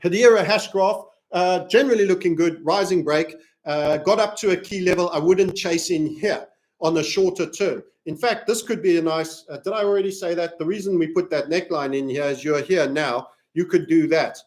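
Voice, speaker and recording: A man from Africa hosts a crypto chart analysis video in a fairly high voice. He rambles from point to point and cracks jokes. He also plugs his own community along the way. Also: moderate pace, darkish tone. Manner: rambling, jokey, self-promoting. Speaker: crypto trading analyst and channel host.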